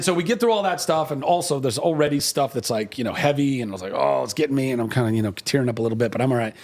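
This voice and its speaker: A man in his forties telling a personal story in casual chat, emotional and animated, with many fillers and restarts. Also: medium pitch.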